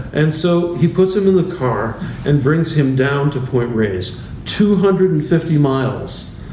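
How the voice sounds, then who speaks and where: Recorded at a distance in a roomy church hall with faint noise, a bishop gives an easygoing, anecdotal talk as part of a class series. His voice is on the high side, animated, and mellow, yet slow and halting, with many restarts, fillers, and frequent chuckles.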